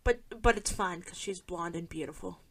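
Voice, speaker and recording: A woman's voice: lowish voice, moderate pace. A woman guest on a podcast, chatting casually about a film with dry, wry remarks.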